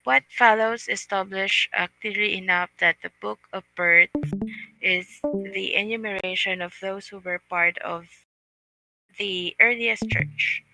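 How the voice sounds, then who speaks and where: A woman reading aloud to an online book club, halting and careful, pausing over hard words. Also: mid-range voice, steady tone, vocal fry, pushed and bright, soft background music, rough recording. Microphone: online voice call.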